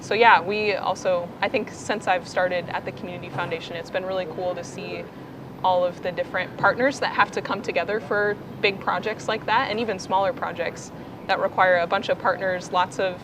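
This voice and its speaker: A woman guest on a talk show, explaining her work in a relaxed way with frequent fillers. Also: lowish voice, fairly quick. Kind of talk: casual chat. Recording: clear background noise.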